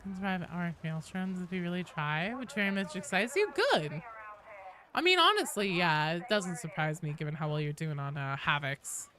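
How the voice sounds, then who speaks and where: A woman's voice: lowish voice, lively intonation, normal speed, pushed and bright, a little hiss or hum. A woman streaming a game, chatting casually and answering viewers' messages while she plays. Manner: chatty, reads and answers chat while playing. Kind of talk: casual live-stream chat.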